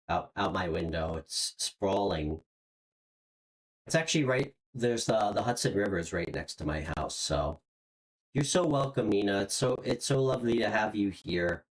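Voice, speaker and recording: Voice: low voice, rough recording. A tarot reader hosting a live stream, giving a casual, encouraging reading with lots of "um" and "like" and repeated words while searching for the next thing to say.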